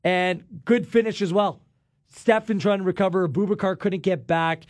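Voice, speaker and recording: A man's voice: high-pitched, moderate pace, no room sound, clean studio sound. Upbeat male sports show host. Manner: enthusiastic, upbeat. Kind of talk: studio sports analysis chat.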